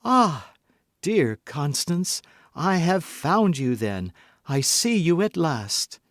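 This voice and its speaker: A man voicing a cold, cunning noblewoman who speaks smoothly and feigns warmth. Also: fairly high pitch, sing-song, slow pace, dry recording, clean studio sound, voice pushed up, full character voice. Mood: effusive.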